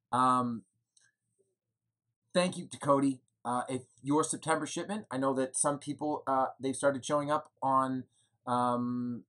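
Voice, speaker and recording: Sitting indoors at home one evening, a man in his thirties who co-owns a winery rambles through a chatty video update, using fillers and poking fun at himself. He has a mid-range voice with a fairly bright tone.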